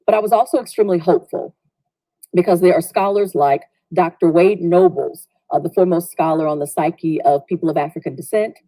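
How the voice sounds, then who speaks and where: Woman storyteller, mellow tone, dry close sound, reflective, lower pitch. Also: a little fast, no room sound, rough recording. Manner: reflective, acts out quoted voices. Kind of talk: personal storytelling.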